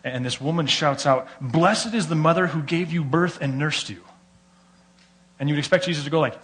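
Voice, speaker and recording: A man with an American accent preaching a sermon, telling stories with lively delivery and acting out the people he quotes. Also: a little high, brisk. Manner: animated storytelling, acts out quoted voices. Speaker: pastor.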